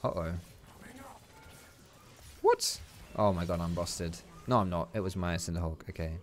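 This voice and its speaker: A man's voice: deep voice, measured pace, pauses often. A young man giving casual, chatty commentary over his own gameplay, swearing and tossing out teasing asides.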